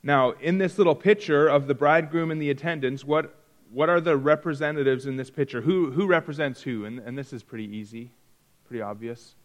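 Man, Bible class teacher, slightly high voice, chatty and questioning, reverberant hall. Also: fairly quick. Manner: conversational, asks the class questions. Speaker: Sunday school teacher.

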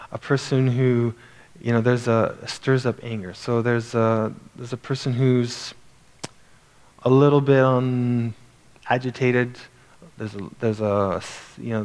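A man of middle pitch teaching from scripture in a loose, conversational manner. He stops and restarts his sentences often as he explains the verses. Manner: conversational and halting, with frequent restarts. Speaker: Bible teacher. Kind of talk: informal Bible teaching.

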